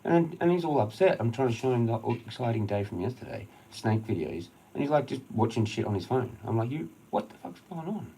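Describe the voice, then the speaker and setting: A man's voice: medium pitch, animated, a little fast, hardly any pauses, dark tone, breathy edge, low-quality recording. A man with an Australian accent, ranting on a livestream, swearing heavily and rambling through an agitated story. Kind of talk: casual rambling rant.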